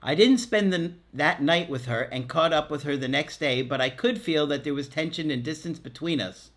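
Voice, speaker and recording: A man's voice: fairly high pitch, moderate pace, fairly bright tone. A middle-aged man, a relationship coach and podcast host, reads a listener's letter aloud in casual chat, joking and laughing often at his own asides.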